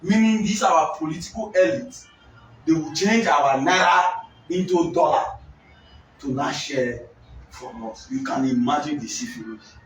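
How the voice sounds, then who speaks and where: A man from Nigeria hosting a political discussion, emphatic and often shouting, drawing out words for stress. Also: a little high, a little slow, slight background noise. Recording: echoey room, voice from far off, faint music.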